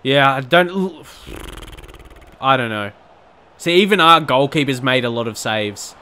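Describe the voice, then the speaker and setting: A young man giving live, excitable commentary on his own video game match, with quick outbursts of frustration. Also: medium pitch, clear, resonant tone. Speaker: gaming channel host.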